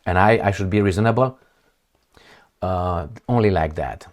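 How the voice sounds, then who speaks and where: A man giving opinionated news commentary in an animated, sarcastic way. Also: low-pitched, normal speed. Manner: animated, sarcastic, acts out imagined dialogues. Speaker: political commentator.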